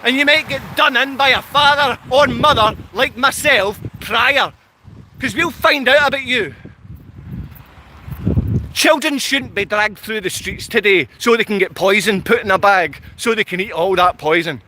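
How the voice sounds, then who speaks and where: This man with a Scottish accent hosts a channel and rants directly at viewers, aggressive and intense, going over his points repeatedly. His pitch is extremely high and his tone sharp, his pace unhurried, and there's slight background noise.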